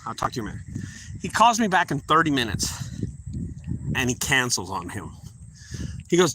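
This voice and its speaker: A man's voice: fairly high pitch, wildly swooping pitch, brisk, long pauses, noisy background. A middle-aged man, a junk removal business owner, telling a story in a profane, heated vlog rant.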